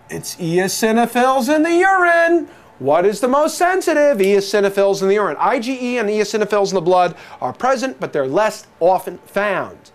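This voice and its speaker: High-voiced, theatrical male lecturer. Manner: animated, theatrical, quizzes listeners with rhetorical questions and repeats key terms. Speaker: medical exam review lecturer. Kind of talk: jokey recorded lecture.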